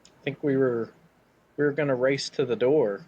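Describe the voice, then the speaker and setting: A man's voice: mid-range voice, moderate pace, breathy edge. A man playing a tabletop game, chatty and playful, with lots of fillers. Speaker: player. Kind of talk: casual in-character tabletop play. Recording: dull lo-fi sound.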